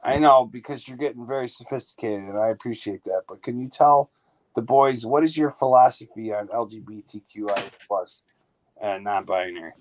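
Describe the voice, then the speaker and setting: A man's voice: mid-range voice, fairly quick. A man hosting a casual livestream, coaxing a chatbot and apologizing for his friends. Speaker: livestream host.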